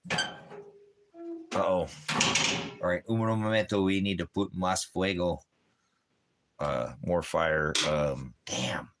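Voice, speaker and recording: Man, very low voice, rambling home monologue, punning, rhyming asides. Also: slow pace, pauses often, slight background noise. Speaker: street preacher hosting a ministry stream. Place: at home with a dog and a fire.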